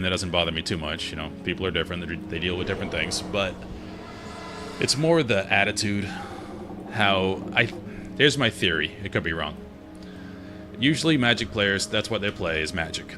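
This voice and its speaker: A man with a deep, low voice talks loosely and with strong opinions as he plays through a game. His chat rambles from one thought to the next. Game music sounds clearly behind him the whole time. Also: lively intonation, normal speed. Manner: rambling and opinionated, chatting while playing. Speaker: gaming streamer. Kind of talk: casual gaming chat.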